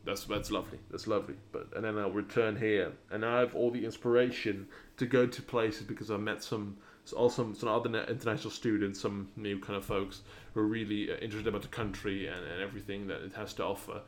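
Speaking fast with few pauses and fairly even intonation, a young man with a fairly low voice hosts his own podcast. His accent is non-native and leans British, and he rambles, restarting and filling gaps a lot.

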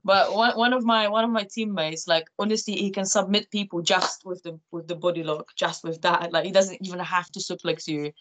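A woman's voice: fairly low pitch, steady tone, fairly quick, hardly any pauses. A young woman, a guest on a podcast, chatting in an easygoing way. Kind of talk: casual chat.

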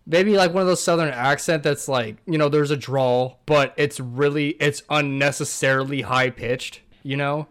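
A man co-hosting a podcast, chatting casually in a relaxed, hesitant way and swearing now and then. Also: fairly high pitch, normal speed, hardly any pauses. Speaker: podcast co-host. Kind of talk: casual chat.

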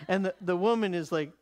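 A man preaching, telling a story in an animated way, laughing often and repeating words as he goes. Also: high voice. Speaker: preacher teaching. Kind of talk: sermon storytelling.

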